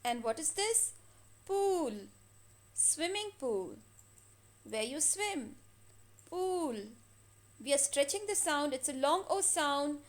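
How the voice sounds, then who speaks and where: A woman teaching a phonics lesson to children, stretching and repeating each word slowly for practice. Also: high-pitched, expressive. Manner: slow, drawn-out words repeated for practice.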